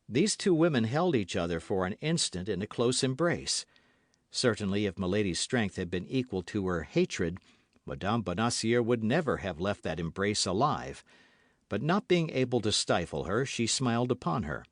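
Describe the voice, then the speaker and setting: A man narrating a classic novel in a measured, expressive audiobook reading. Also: on the low side, no echo, studio quality.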